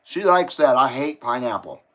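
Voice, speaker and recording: A man's mid-range voice swings widely in pitch at a normal pace as he runs a relaxed home livestream indoors. Eating while he talks, he chats away and reads out comments from viewers.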